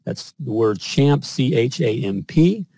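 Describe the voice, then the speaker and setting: A man's voice: medium pitch, animated, a little slow, gravelly, dark tone, husky, no echo. A male show host and business coach who talks emphatically, often tagging lines with "all right?" and "you know". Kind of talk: host conversation and spoken sponsor pitch.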